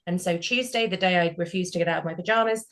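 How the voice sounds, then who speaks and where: A middle-aged woman with a British accent, hosting a group discussion and telling stories in a casual, animated way, acting out the voices of people in them. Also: on the low side, quick pace. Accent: British English. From Britain. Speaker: group session host.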